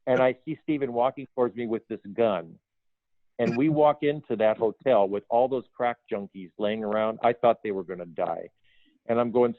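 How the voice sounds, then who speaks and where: An older man, a veteran film designer, relays anecdotes in an animated way and slips into the voices of the people he quotes. His voice comes through a narrow, phone-like line. There is no room sound around it. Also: lowish voice, moderate pace, no echo. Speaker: guest, film production designer. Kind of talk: storytelling interview. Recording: tinny phone line, dry.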